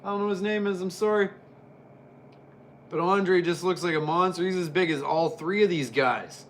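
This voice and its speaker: A man's voice: high voice, moderate pace, a little hiss or hum. A man giving casual, jokey play-by-play commentary while reviewing an old wrestling match. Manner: excitable, jokey, chatty.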